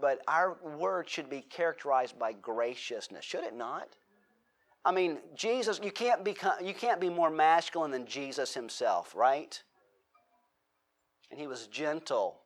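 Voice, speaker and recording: A middle-aged man preaching a sermon in a conversational way, restarting his sentences and slipping in joking asides. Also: a little high. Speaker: pastor.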